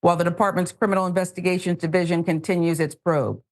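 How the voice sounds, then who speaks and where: A woman co-hosting a news show, reading stories and adding sarcastic, animated asides. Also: on the low side, quick pace. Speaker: news co-host.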